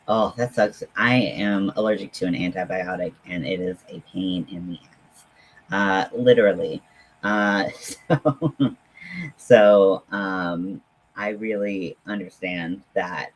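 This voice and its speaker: A man hosting a casual livestream, chatting in a halting, friendly way with many pauses and fillers while talking to viewers at home. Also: fairly low pitch, husky, rough recording. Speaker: livestream host.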